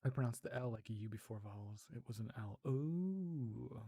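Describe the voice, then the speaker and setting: An ASMR livestreamer chatting casually with viewers, soft-spoken, curious and quick to giggle. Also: medium pitch, level tone, husky.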